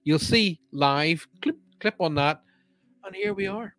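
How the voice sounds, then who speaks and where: A man's voice: high voice, animated, unhurried, a bit bright, no room sound. A man hosting a live-streamed show, chatting casually and reading out viewer comments in an upbeat way.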